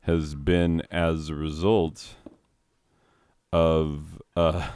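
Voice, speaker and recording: A man with a very low, smooth, resonant voice talks slowly and unhurriedly over a game. He rambles off into history tangents and laughs at his own jokes. The sound is close and dry. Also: little pitch movement, a little mellow, dry recording. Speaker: game video host; teacher. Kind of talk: casual gaming commentary.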